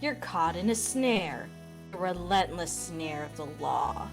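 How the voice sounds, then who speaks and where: A woman voicing a cool, smug masked male prosecutor with an unhurried, dry delivery while reading game dialogue. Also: lowish voice, lively intonation, over music.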